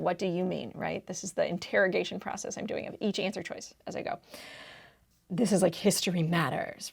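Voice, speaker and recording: A woman's voice: mid-range voice, vocal fry. A woman tutoring test preparation, walking through reading answers in a casual, emphatic way and often checking in with the listener. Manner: emphatic, keeps checking in with "right?"; casual, slangy teaching talk.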